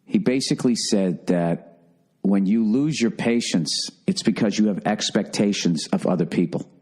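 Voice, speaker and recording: A man's voice: normal speed, breathy edge. Profane ranting man. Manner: profane ranting, swinging from shouted outbursts to low grumbling. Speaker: podcast host. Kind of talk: solo comedy podcast rant.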